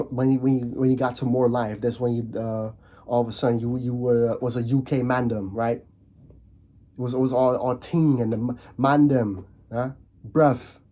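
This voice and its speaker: A man's voice: mid-range voice, mellow. A man from the Netherlands ranting casually on camera, repeating himself and firing rhetorical questions. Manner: repetitive, restarts often, asks rhetorical questions. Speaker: commentary vlogger. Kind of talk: casual rant.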